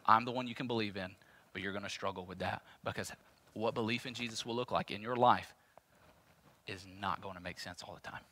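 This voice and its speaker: Bright-voiced man preaching emphatically. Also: on the low side, steady tone, brisk. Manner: emphatic, repetitive, conversational preaching. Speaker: pastor. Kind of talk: sermon.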